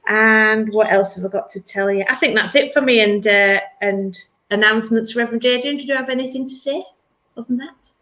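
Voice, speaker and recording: A middle-aged woman from England hosting a live church stream, chatty and quick to laugh. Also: a little high, pushed and bright, lo-fi sound. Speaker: church service host. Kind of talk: casual live-stream chat.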